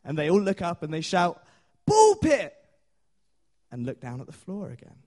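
A man's voice: on the high side, animated, quick pace, darkish tone. A man preaching a sermon in a chatty storytelling way, with many fillers and small laughs.

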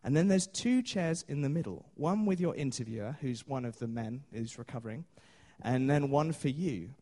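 A man's voice: mid-range voice, lively intonation, normal speed, dark tone. A man preaching a sermon in a chatty storytelling way, with many fillers and small laughs.

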